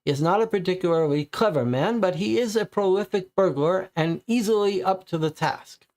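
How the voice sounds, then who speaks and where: A man plays a jittery male suspect spilling his confession to the police, his voice pitched up and pleading. It is a read-aloud case file role-play, earnest and insistent. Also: moderate pace, a little mellow.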